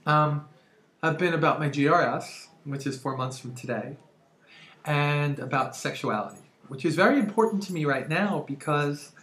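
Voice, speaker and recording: Energetic chatty woman in her forties. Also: low-pitched. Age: 40s. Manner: energetic, chatty, laughs often. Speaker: vlogger. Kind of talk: casual vlog monologue. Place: room at home. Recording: roomy echo.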